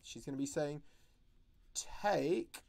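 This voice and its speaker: A man hosting a drawing livestream for kids, talking in a playful, animated and jokey way as he teaches. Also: on the high side, measured pace.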